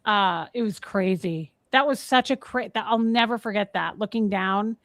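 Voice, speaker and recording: A woman co-hosting a casual live stream, telling a story with animated energy and thanking viewers by name. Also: medium pitch, normal speed, no room sound.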